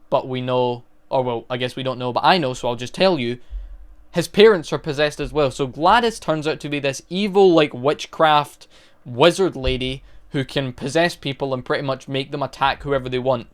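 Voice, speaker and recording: A man's voice: medium pitch, moderate pace, clean tone. A man recapping a horror movie in a casual, rambling way, stopping often to correct himself. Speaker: movie reviewer.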